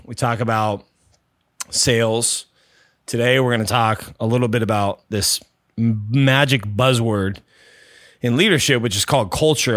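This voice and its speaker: A man's voice: medium pitch, fairly bright tone, dry recording, studio quality. A man hosting a leadership podcast, rambling and self-mocking, with a slight country twang. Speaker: podcast host. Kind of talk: casual podcast monologue.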